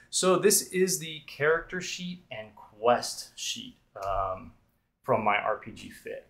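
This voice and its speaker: A man's voice: fairly high pitch, slow, gravelly. A man coaching a stretch routine on a live stream, chatting casually with viewers and rambling through asides. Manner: relaxed, talkative, fillers and asides. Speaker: fitness coach streaming a workout.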